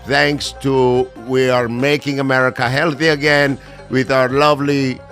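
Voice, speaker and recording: A man putting on a solemn male official who speaks halting, broken English in a comic impression. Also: mid-range voice, level tone, fairly bright tone, soft background music, pitched below the performer's own voice.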